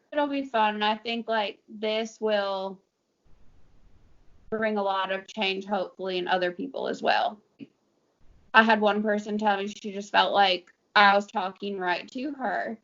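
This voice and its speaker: A woman's voice: mid-range voice, fairly bright tone. A woman co-hosting a casual heart-to-heart chat, open and earnest with frequent giggles. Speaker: co-host. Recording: dull lo-fi sound.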